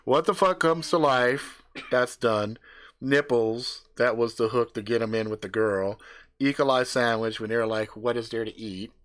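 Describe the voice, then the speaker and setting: A man's voice: medium pitch, measured pace, a bit bright, dry recording, clean studio sound. A man improvising a profane story live on stream, dropping laughing asides. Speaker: livestream storyteller.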